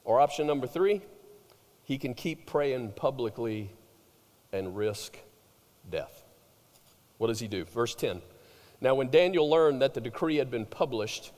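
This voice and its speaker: A man preaching a sermon, telling the story with animated swings between loud emphasis and hushed, drawn-out words. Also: medium pitch, long reverb tail. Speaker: pastor.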